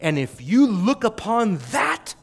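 A middle-aged male preacher delivering an expository sermon, moving from quiet reflection to loud, emphatic exhortation. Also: sits high, very animated, takes it slowly, creaky.

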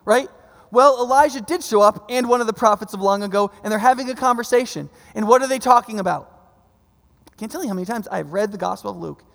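A male pastor with a high-pitched, creaky voice preaches conversationally, often checking in with the congregation and adding frequent "right?" asides. A long reverb tail trails his words.

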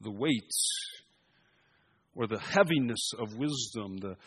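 A man preaching an expository sermon, shifting between emphatic raised passages and quiet asides. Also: fairly low pitch, expressive, slow pace, breathy edge.

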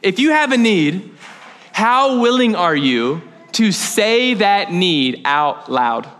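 Young man, pastor, casual sermon, high bright voice, jokey asides. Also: takes it slowly, soft background music. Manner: conversational, joking, animated preaching.

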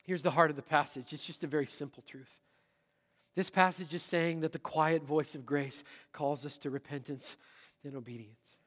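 A middle-aged man preaching in a church, his slightly high voice rising to loud emphasis and dropping to a near-whisper. The sound carries a long hall reverb. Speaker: pastor. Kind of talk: sermon. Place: church sanctuary.

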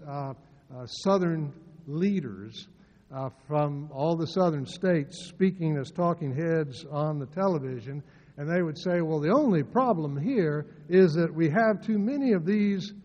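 An older man preaching a sermon, telling stories and swinging between soft asides and loud, emphatic lines. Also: a little high. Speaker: pastor. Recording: dull sound with long hall reverb.

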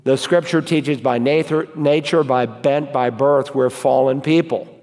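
A man, a pastor, preaching an emphatic sermon and reading scripture slowly and deliberately. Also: medium pitch, fairly even intonation, a little mellow. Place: church sanctuary. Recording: long reverb of a church hall.

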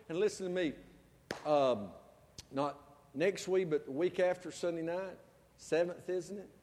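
A male pastor preaching a storytelling sermon, swinging between loud and soft. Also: sits high. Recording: long church reverb.

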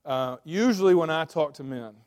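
A man in his thirties preaching a sermon as pastor, swinging between loud, urgent emphasis and quiet, confiding asides. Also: a little high, expressive, normal speed, clean tone.

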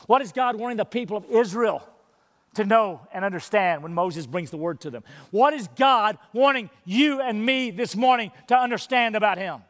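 A male pastor delivering a sermon with a high, light voice. He leans hard on key words, then sinks into a soft, close delivery. A long reverb tail hangs on his voice from the church sanctuary. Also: lively intonation, moderate pace. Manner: emphatic, building to stressed phrases then dropping to hushed, intimate tones.

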